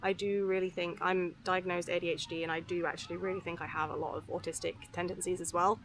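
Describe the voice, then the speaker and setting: A young woman talking candidly to camera outdoors by a river, soft and unhurried with lots of fillers and restarts. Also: fairly low pitch, little pitch movement, a little hiss or hum. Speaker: vlogger. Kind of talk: candid rambling talk to camera. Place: outdoors beside a river on a footpath.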